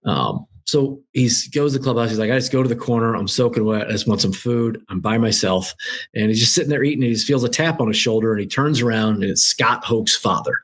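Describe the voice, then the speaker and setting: A man with a slightly husky voice tells a golf story as a guest on a show. He talks with lively energy, mimicking the people in the anecdote. The delivery is casual and conversational. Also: medium pitch, fast. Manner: lively anecdotal storyteller, acts out quoted dialogue. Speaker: guest author. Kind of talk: animated storytelling.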